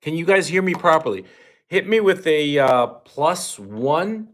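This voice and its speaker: A man talking on his own live stream, hesitant and halting, pausing to check chat. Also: on the high side, very animated, a bit bright, slight background noise. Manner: hesitant, halting, full of pauses. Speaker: live streamer in a played clip. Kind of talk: casual solo live stream.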